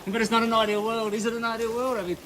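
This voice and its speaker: A man's voice: very high voice, little pitch movement, a bit bright, a little hiss or hum. Give me a manic, childlike young man, rattling on and repeating himself. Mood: manic rambling. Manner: rapid, repetitive stream of chatter, repeating words. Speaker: rambling man who wanders into a bar.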